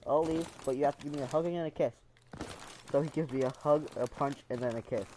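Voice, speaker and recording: A man's voice: medium pitch, fast talker, mellow, slight background noise. Man rambling through a personal story. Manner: rambling, emotional storytelling with frequent fillers; acts out quoted voices. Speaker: vlogger. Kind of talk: casual storytime.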